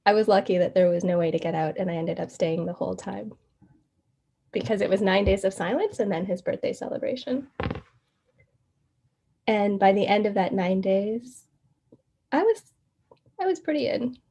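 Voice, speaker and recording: A woman guest in an interview, telling her story in a casual, animated way, laughing often and acting out the quoted exchanges. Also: mid-range voice, moderate pace, gravelly, pauses often, slightly rough.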